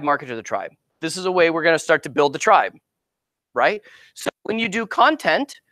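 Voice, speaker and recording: Bright-voiced man giving a casual marketing talk. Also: on the high side, dry recording. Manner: conversational, animated, keeps asking "right?". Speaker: marketing speaker and actor coach. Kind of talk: informal seminar talk.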